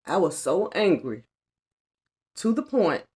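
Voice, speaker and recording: A woman's voice: lowish voice, very animated, slow pace, a little mellow. A middle-aged woman giving an earnest, colloquial personal testimony on a spiritual vlog, repeating lines for emphasis. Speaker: spiritual vlogger.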